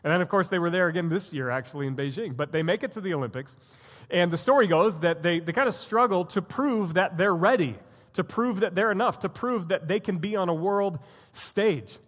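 A man preaches from the pulpit in a slightly high voice, retelling a story with earnest energy before driving home his point. The sound rings with the long reverb of a church hall. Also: a little fast. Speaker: pastor. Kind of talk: sermon. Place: church sanctuary.

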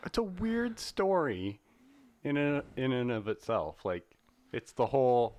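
A man's voice: mid-range voice, very animated, a little slow. A man hosting a casual movie-review podcast, playful and theatrical as he jokes with his co-host.

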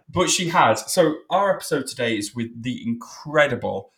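A male podcast co-host chatting casually, quick to poke fun at himself. His pitch sits in the middle and rises and falls a lot as he gets carried away. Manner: self-mocking, animated. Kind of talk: casual chat.

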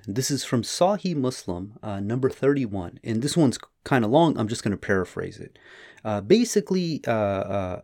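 A man giving casual spoken commentary on old texts, retelling stories in his own words with many fillers. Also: mid-range voice. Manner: paraphrases texts with animated retellings and frequent fillers. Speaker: religious commentator.

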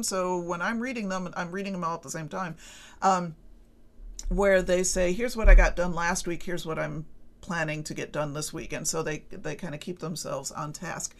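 A woman's voice: on the low side, a bit bright. A middle-aged woman hosting her own podcast, talking casually to listeners in a chatty, rambling, self-deprecating way. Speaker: podcast host. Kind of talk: casual solo podcast chat.

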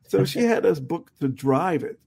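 Gravelly middle-aged man telling road stories. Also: fairly high pitch, lively intonation, slow pace, darkish tone. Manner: rambling, anecdotal, with frequent restarts. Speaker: touring jazz musician and college teacher, guest. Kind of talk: casual storytelling in a conversation.

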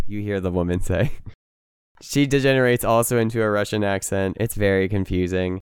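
A man's voice: on the low side, lively intonation, moderate pace, clear, resonant tone, no echo, studio quality. A man narrating a tabletop game as game master, playful, with laughing asides.

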